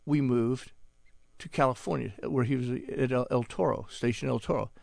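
Older guy with a gravelly voice, reading his book then chatting dry and wry, dead-dry studio sound. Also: medium pitch, normal speed, darkish tone, no echo. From American South. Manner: reflective, wry, self-deprecating. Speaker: guest author. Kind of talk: reading aloud and radio interview chat.

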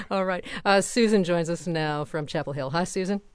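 A woman from Connecticut hosting a radio call-in show, greeting callers and asking quick questions. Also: fairly low pitch, clean tone, no room sound.

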